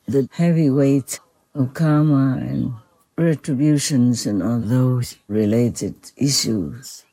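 A humble, reverent spiritual teacher in a devotional spoken dialogue, soft-spoken with gentle laughs and a slightly strained voice. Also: medium pitch, husky, low-quality recording. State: voice a little strained.

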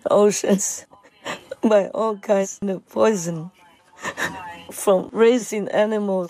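Woman teacher, slow and halting delivery, gravelly fry in the voice, emotional spiritual address. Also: medium pitch, a little mellow, rough recording. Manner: halting, with many pauses and fillers.

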